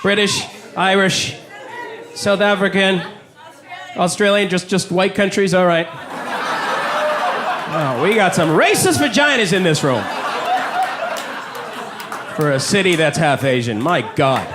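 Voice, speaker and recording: Canadian man doing stand-up, high voice. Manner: wry, conversational, does quick voices for bits. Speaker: stand-up comedian. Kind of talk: live stand-up set. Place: comedy club with a live audience. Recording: live club recording with loud crowd and noise. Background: audience laughter and room ambience.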